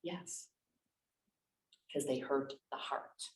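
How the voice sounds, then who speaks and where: Her bass voice moves very slowly as this woman minister gives a chatty, candid lecture built around personal stories, restarting often and wandering into asides. The setting is a church lecture room, captured with a distant mic in an echoey space.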